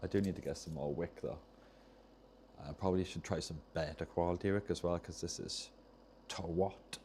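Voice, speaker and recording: Low, rambling man livestreaming. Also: steady tone, fairly quick, warm tone, a little hiss or hum. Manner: rambling, loses his train of thought, self-interrupting. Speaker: streamer repairing controllers. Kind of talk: casual livestream chat while soldering.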